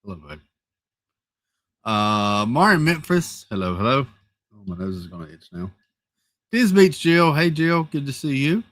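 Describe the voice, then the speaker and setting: Male stream host, mid-pitched, dry close sound, playful rambling greetings, slight headache weariness. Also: very animated, a little slow, long pauses, a bit bright, no room sound. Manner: greets chat viewers one by one, rambling and playful. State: has a headache. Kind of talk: casual live-stream chat.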